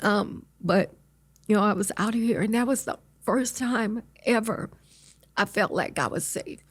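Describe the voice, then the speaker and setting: A middle-aged woman telling her life story as an interview guest, earnest and halting, with many restarts. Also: medium pitch, breathy edge, no room sound.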